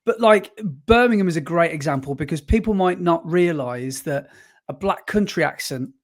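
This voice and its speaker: A man's voice: a little high, animated, normal speed. A man co-hosting a podcast in casual chat, rambling and stop-start, often correcting himself mid-sentence. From West Midlands, England. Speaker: podcast co-host.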